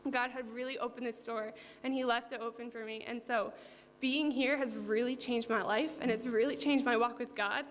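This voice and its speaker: A woman's voice: on the high side, steady tone, normal speed. A young woman from New Jersey giving an earnest, heartfelt church testimony, with frequent ums and likes. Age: young adult. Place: church hall. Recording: hall reverb with faint hum.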